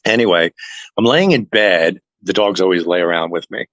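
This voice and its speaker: A man telling a personal story to an interviewer in a casual chat, earnest and animated, acting out what others said. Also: sits low, normal speed, no echo, muffled recording. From family heritage is Norwegian. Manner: earnest, animated retelling that acts out other people's lines. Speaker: interview guest.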